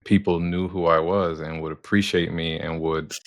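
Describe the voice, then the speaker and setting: A man speaking gently and reflectively, sharing his own past in a measured way. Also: deep voice, little pitch movement, no echo. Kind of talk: empathetic conversation.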